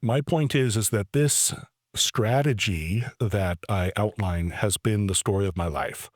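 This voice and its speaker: A man in his forties tells a story on his own podcast, and he is open about his own embarrassment. His voice sits fairly low and sounds dry, with almost no room around it. He jumps into his younger self's lines with rising energy and stumbles over his restarts. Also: measured pace, no room sound. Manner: animated, self-deprecating storyteller who acts out his own past lines; stammering restarts. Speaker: podcast host. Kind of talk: personal storytelling monologue.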